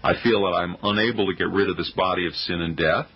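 A man's voice: sits low, fast, breathy edge, muffled recording. A man reading a sermon aloud in a solemn, formal oratorical manner. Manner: solemn, formal oratory with old-fashioned wording.

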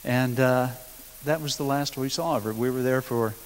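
A middle-aged man, telling his testimony at a church seminar in a folksy, hesitant way, full of pauses and chuckles. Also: mid-range voice. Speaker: guest minister sharing testimony. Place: school hall. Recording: long hall reverb, hiss.

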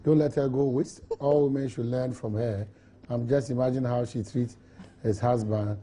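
Ghanaian host with a very warm dark voice. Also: male voice, medium pitch, steady tone, husky. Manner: brisk, reads messages aloud. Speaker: radio talk show host. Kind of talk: reading listener texts on air.

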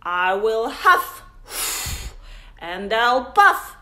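A woman voicing a big bad male wolf who growls out loud threats in a storybook reading. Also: a little high, very animated, extremely slow, heavily acted. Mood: growling threat.

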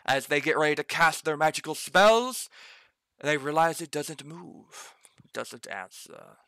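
A man's voice: a little high, expressive, unhurried, fairly bright tone, clean tone, no room sound. A man game master thinking aloud as he builds a dungeon map, muttering corrections to himself and noting he has slipped into an odd accent.

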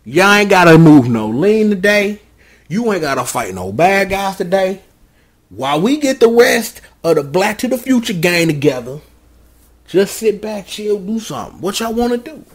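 A laid-back commander gives his team the day off in loose, slangy talk, as a man puts him on. His pitch rises and falls freely as he talks. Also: big pitch swings, normal speed. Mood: easygoing. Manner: easygoing, slangy, casual orders.

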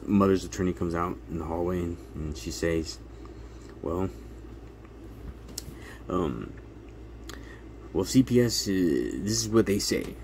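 A man telling a story to his viewers in a casual, animated way, acting out what people said, laughing often and checking in with "right?" after almost every line. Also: low-pitched, slight background noise. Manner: animated retelling, acts out quotes, laughs often, keeps asking "right?". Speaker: channel host telling a court story.

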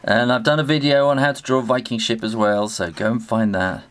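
A man's voice: medium pitch, fairly even intonation, fairly quick, fairly bright tone, a little hiss or hum. A middle-aged British man giving a chatty spoken drawing tutorial, talking as he draws and often trailing off and restarting. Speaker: illustrator teaching drawing.

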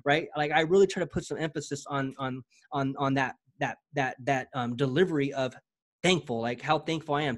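A man giving a casual, energetic software walkthrough, talking in slang and often repeating his words as he goes. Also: mid-range voice, brisk. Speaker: presenter demoing software.

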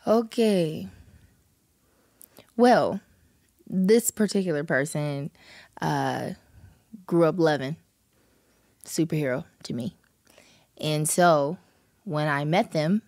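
Low-voiced woman telling a story. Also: slow, pauses often. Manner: animated storyteller, laughs through her story. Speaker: podcast guest. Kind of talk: casual storytelling chat.

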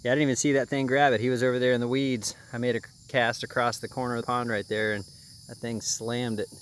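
A man giving casual, joking commentary outdoors by a pond while fishing, excitable and quick to chuckle. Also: medium pitch, a little hiss or hum. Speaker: fishing vlogger.

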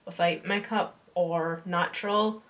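A woman's voice: on the low side, fairly even intonation, unhurried, a bit bright. A young woman, chatting casually and teasingly while doing makeup. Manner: playful and teasing, laughs often. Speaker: beauty vlogger. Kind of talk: casual chat.

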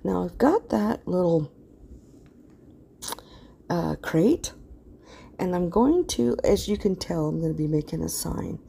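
A middle-aged woman who hosts a craft channel narrates a tutorial voice-over, casually talking through her project. Her low, warm, husky voice is animated yet slow, with vocal fry and frequent pauses. She rambles, often loses her words, and yawns as she speaks.

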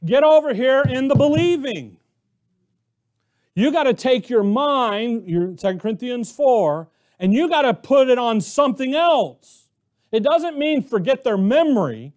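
A man's voice: very high voice, very animated, measured pace, darkish tone. A man preaching a sermon as pastor, emphatic, asking rhetorical questions and repeating phrases as he builds his point. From Arizona, US.

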